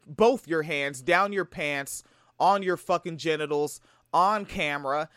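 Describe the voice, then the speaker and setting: A man's voice: a little high, fairly bright tone, no echo, studio quality. A man from Tacoma giving a profane, heated reaction commentary. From Tacoma, Washington. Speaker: video commentator.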